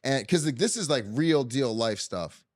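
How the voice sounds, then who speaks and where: A man tells a story on a podcast, animated and quick to act out what everyone said. His voice sits at an ordinary pitch, recorded dry and close with no room sound. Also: no echo. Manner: animated, swearing, acts out quotes. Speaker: podcast host. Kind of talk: casual storytelling chat.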